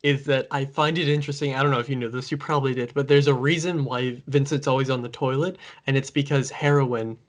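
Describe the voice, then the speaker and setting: A man's voice: medium pitch, quick pace, few pauses. Laid-back man hosting a casual chat. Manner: relaxed, loose with fillers like "like". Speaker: host.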